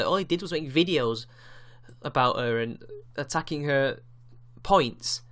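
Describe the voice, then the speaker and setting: A man's voice: on the high side, lively intonation, a little slow, a bit bright. A man giving a ranting online commentary, indignant and sarcastic, with frequent swearing. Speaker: YouTube commentator.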